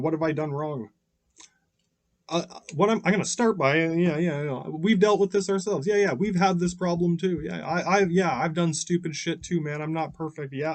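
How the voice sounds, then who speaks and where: A man hosting a podcast, delivering a rambling, profane monologue that keeps breaking off into "yeah" and restarts. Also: fairly high pitch. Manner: profane, restless, self-interrupting with frequent "yeah" fillers. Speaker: podcast host.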